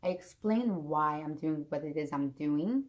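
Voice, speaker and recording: A woman vlogger in her thirties, talking straight to her camera and retelling a hard day in a loose, rambling way. Her voice sits a little low, and she keeps restarting her sentences and acting out what everyone said. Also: expressive, measured pace. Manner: emotional, rambling retelling with many restarts and quoted dialogue. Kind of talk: casual storytelling to camera.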